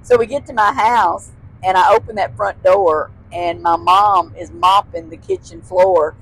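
A woman's voice: lowish voice, animated, unhurried, vocal fry, breathy edge, poor audio. A woman, a guest telling childhood stories in casual chat, laughing often and using folksy phrasing. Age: 60s.

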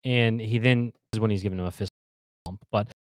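A man in his thirties with a lowish voice talks fairly quickly on a casual video call, with no room sound. Telling his story with energy, he restarts a lot, repeats himself and mimics the fans' yelling.

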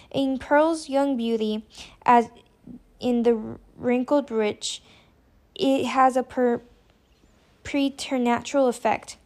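A woman's voice: fairly high pitch, darkish tone, close to an everyday voice. A woman reading the part of a nervous male clergyman in an old-fashioned storybook, earnest and pleading in archaic speech. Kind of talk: audiobook character reading.

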